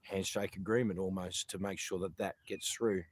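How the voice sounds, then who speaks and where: A man's voice: sits low, fairly even intonation, normal speed, breathy edge, dry recording. An Australian man talking casually and earnestly to viewers, rambling and calling them mate often. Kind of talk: casual livestream talk.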